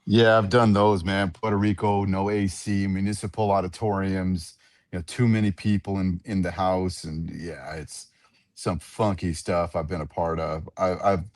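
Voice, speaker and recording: A man with a low, deep voice tells stories in a casual radio interview. He is animated and self-deprecating and often repeats words as he goes. He is an octagon announcer talking about his work. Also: moderate pace. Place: radio studio.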